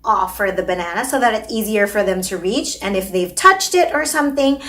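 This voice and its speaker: A woman's voice: mid-range voice, animated, brisk, a bit bright. A woman, a speech therapist, explaining a language activity to parents and modeling words in an exaggerated sing-song way. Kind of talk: instructional video for parents.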